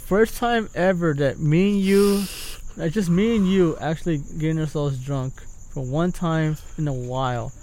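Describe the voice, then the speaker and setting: A man's voice: a little high, moderate pace, darkish tone, a little hiss or hum. Hesitant man with a raised voice. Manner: hesitant, repeats words. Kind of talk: casual chat.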